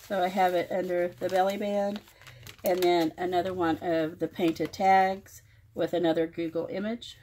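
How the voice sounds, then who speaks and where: A woman hosting her own craft channel, showing a finished project page by page in plain, unhurried commentary made of short phrases. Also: fairly low pitch, flat delivery, mellow, slight background noise. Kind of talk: casual show-and-tell walkthrough.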